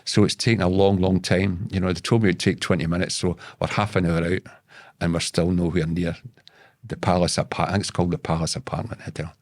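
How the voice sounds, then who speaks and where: A Scottish man spins a rambling yarn as a podcast guest, his voice sitting on the low side. He swears often and stumbles through repeated words as he goes. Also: little pitch movement, brisk. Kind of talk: casual storytelling.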